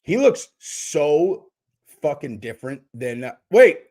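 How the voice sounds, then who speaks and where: A male host talking in casual livestream commentary, loose and profane, jumping between jokes and asides to his viewers. His voice sits a little higher than most men's. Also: sing-song, takes it slowly, darkish tone. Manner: rambling, profane, jokey.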